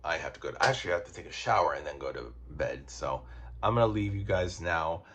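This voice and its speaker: A man's voice: low voice, lively intonation, quick pace, fairly bright tone, slight background noise. A very tired man casually reviewing comic books on his channel, rambling and joking crudely.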